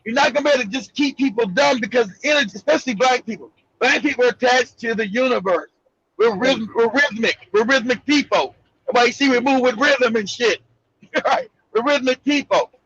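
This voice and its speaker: A man's voice: very high voice, brisk, a bit bright, breathy edge, no room sound, highs cut off. A man hosting a casual political talk show, brash and profane, laughing often. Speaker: show host.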